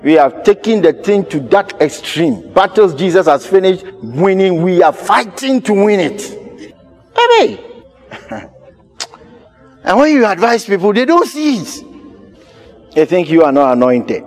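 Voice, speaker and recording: A pastor, preaching a sermon with emphatic repetition. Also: male voice, high voice, big pitch swings, measured pace, pauses often, darkish tone, long reverb tail, soft background music. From Ghana. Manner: emphatic, repeats key phrases.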